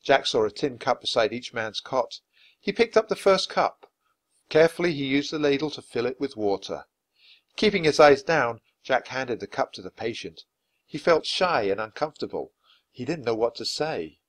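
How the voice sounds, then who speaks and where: A man reading a children's chapter book aloud at a clear, natural pace for language learners. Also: mid-range voice, animated, normal speed. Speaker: storyteller.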